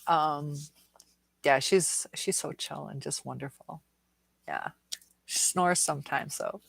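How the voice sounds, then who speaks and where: A Detroit-area woman hosts a casual livestream from home, reading viewer comments and rambling along with plenty of fillers while cooing at her dog. Her voice is low, slow, and a bit bright with vocal fry. It's picked up on a phone or webcam, with no room sound.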